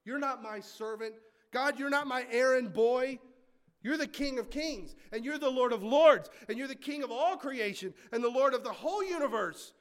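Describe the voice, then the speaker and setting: Male pastor, high voice, animated sermon delivery, loud emphasis dropping to hushed asides, casual interjections between scripture readings. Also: normal speed, clean tone.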